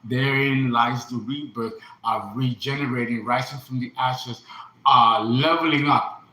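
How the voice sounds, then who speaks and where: A man's voice: medium pitch, steady tone, unhurried, pushed and bright, echoey room, poor audio. A man in his fifties speaking in an earnest, impassioned personal monologue, often repeating himself. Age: 50s. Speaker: astrologer and occult teacher.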